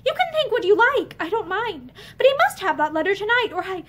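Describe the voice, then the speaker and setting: A woman's voice: very high voice, big pitch swings, brisk, a bit bright, pitched above the performer's own voice, full character voice. A woman reading aloud, voicing a desperate young wife who pleads and breaks down.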